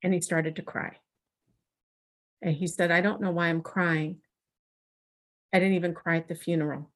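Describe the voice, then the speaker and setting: Animated woman telling a personal story. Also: fairly low pitch, normal speed. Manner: animated storytelling, acting out quoted dialogue. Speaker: guest. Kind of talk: storytelling in a conversational interview.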